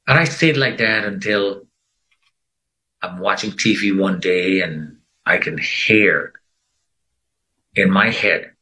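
A man's voice: low-pitched, takes it slowly, pauses often, bright, forceful tone, rough recording. A middle-aged man telling his life story in conversation, earnest and emphatic, repeating phrases for weight. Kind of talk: personal testimony in conversation.

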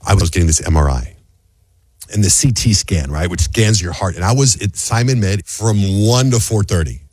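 A man hosting a radio morning show in a studio, telling a story in a lively, animated way and acting out other people's voices. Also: moderate pace, husky, no room sound. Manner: animated storyteller, acts out voices in high pitch. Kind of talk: casual radio chat, storytelling. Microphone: studio microphone.

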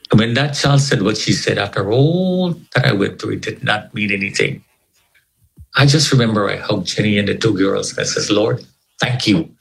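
A man with a very deep, low voice tells his story in an interview. He speaks earnestly, quotes scripture, and his pitch jumps when he gets excited. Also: normal speed, gravelly, low-quality recording. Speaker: interview guest. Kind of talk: personal testimony in conversation.

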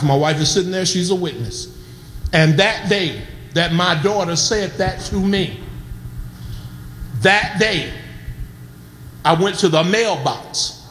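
A middle-aged male pastor delivering an impassioned sermon, swinging from quiet storytelling to shouted calls for the congregation to respond. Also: high voice.

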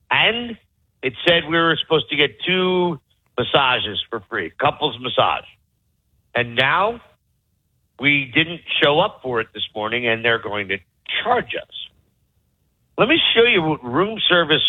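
A man's voice: on the high side, husky. A man on vacation at a resort, ranting angrily and profanely about it to his podcast co-hosts. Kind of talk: angry ranting review. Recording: tinny phone-like call audio.

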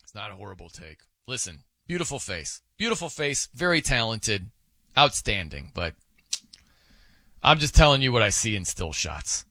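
Guy hosting sports radio, rambly and joking around, bright lively voice, dry studio mic. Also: fairly low pitch, normal speed, dry recording. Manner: chatty, rambling, self-amused. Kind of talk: casual radio banter. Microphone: studio microphone.

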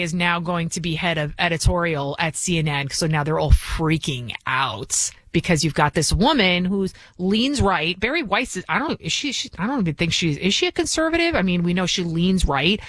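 A woman's voice: on the low side, fairly bright tone, dry recording. A woman filling in as a talk radio host, delivering a combative, scornful monologue full of restarts and asides.

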